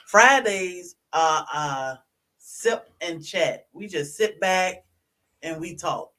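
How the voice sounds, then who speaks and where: A man hosting a homesteading livestream, explaining the schedule in a relaxed way. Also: high-pitched, takes it slowly. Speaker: homesteading channel host. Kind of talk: casual livestream talk.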